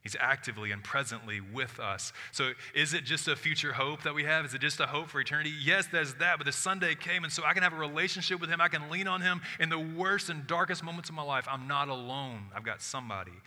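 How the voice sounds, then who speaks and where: A man preaching a sermon as pastor, shifting from loud emphatic lines to hushed soft ones, with casual asides. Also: on the high side, fast talker, hardly any pauses. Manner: conversational asides with "like". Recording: long hall reverb of a church.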